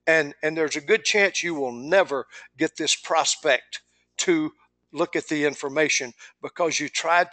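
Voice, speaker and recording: A man's voice: fairly high pitch, fairly bright tone, no room sound. Folksy man with a dry, close sound. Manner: folksy, repeats and stammers, acts out phone calls. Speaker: sales trainer. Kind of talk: recorded training talk.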